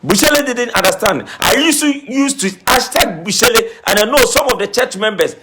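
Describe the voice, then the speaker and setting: A man's voice: very high voice, lively intonation, moderate pace, very noisy. A man speaking as a spiritualist in an impassioned monologue to camera, emphatic and repetitive as he scolds. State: says he is crying. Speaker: self-styled spiritualist.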